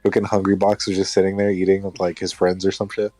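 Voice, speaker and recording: A man's voice: low-pitched, fast, music in the background, rough recording. A young man co-hosting a podcast, telling stories in a casual, profane way. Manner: profane, animated storyteller. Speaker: podcast co-host. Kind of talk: casual chat among friends.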